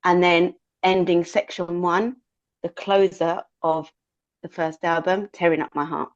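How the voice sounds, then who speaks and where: A woman's voice: fairly low pitch, steady tone, a little slow. A British woman chatting casually on a fan podcast, thinking aloud with fillers as she talks. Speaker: podcast co-host. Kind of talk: casual chat. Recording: muffled lo-fi audio.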